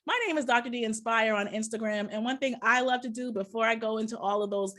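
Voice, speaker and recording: A woman's voice: on the high side, quick pace, fairly bright tone. Upbeat woman leading an online workshop. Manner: upbeat, hyped, singing and cheering at times. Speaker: workshop presenter and business coach. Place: her office.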